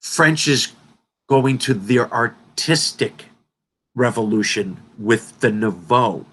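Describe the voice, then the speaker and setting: A man's voice: medium pitch, lively intonation, slow pace, fairly bright tone, a little hiss or hum. A man presenting an informal lecture, talking in an emphatic, rambling way and interrupting himself often.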